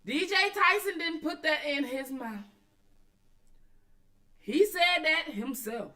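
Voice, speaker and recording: Blunt, profane woman with a bright voice. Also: high voice, lively intonation, slow pace. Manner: blunt, profane, emphatic, talks back to chat. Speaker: commentary channel host. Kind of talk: casual commentary, addressing viewers and chat.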